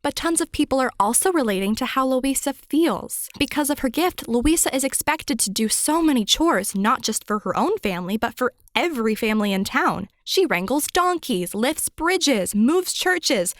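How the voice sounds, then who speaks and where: Emphatic woman narrating with a higher voice. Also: expressive, moderate pace, few pauses, no room sound, clean studio sound. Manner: conversational, emphatic asides. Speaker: guest contributor. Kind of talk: scripted narration.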